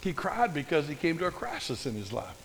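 Emphatic preacher in a reverberant sanctuary. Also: male voice, a little high, very animated, a little fast, a little hiss or hum. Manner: emphatic, building to loud passionate scripture reading. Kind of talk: sermon. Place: church sanctuary. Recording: long hall reverb.

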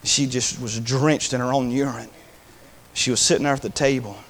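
A man's voice: medium pitch, steady tone, normal speed, a bit bright. A man, preaching and telling a story from his ministry, rising into impassioned pleading. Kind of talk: sermon testimony.

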